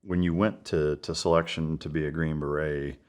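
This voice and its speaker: A man hosting a podcast interview, asking questions in a halting, conversational way. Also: extremely low pitch, little pitch movement. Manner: halting, with many fillers and restarts. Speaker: podcast host.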